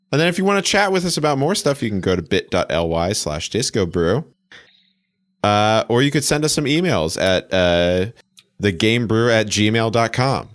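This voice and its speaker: A man hosting a podcast in casual chat, jokey and rambling as he signs off. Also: mid-range voice. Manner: jokey, animated, rambling sign-off. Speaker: podcast host.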